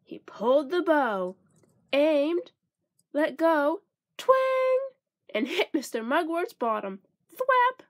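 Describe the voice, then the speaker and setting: Woman reading a kids book out loud, high voice, slow and expressive, fun sound effects. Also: no echo, studio quality. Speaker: storybook reader. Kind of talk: reading a children's picture book aloud.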